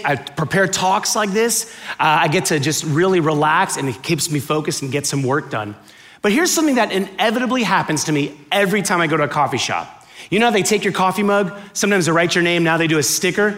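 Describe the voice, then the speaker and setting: A high-pitched man from Miami delivers a lively, joke-filled sermon in a church auditorium. He acts out little exchanges with different voices, playing to a live crowd. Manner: animated, joking, acts out dialogue. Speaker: guest preacher. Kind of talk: sermon with comic storytelling.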